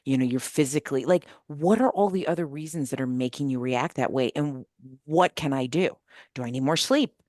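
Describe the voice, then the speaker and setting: A woman's voice: deep voice, dry recording, studio quality. A woman on a podcast panel speaking emphatically about her team, acting out what people say. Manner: emphatic, animated, quotes people in dialogue. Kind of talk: casual panel discussion.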